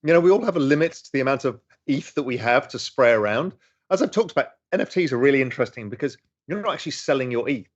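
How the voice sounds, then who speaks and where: Talking fast in an animated, mid-range voice, a middle-aged host answers audience questions from the chat on a relaxed home livestream. The lo-fi stream sound is slightly dull.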